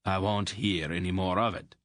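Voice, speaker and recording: A man's voice: deep voice, steady tone, normal speed, a bit bright, no echo. A man voicing a stubborn, pious farmer who speaks with formal, old-fashioned courtesy in an audiobook. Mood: firm.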